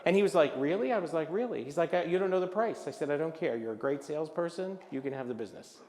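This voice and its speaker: An older man with a slightly high voice tells comic stories to a luncheon crowd, jumping into voices for the people he quotes. His words ring out with a long reverb from the hall. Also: very fast. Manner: animated, acts out voices of others in his stories. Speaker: luncheon speaker. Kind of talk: comic storytelling talk. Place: event hall.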